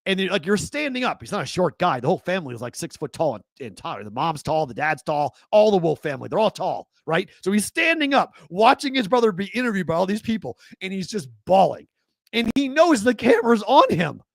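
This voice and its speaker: High, gravelly Boston man ranting. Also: fairly quick, no echo, studio quality. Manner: incredulous, animated ranting with laughs. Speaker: host. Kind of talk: live sports talk show.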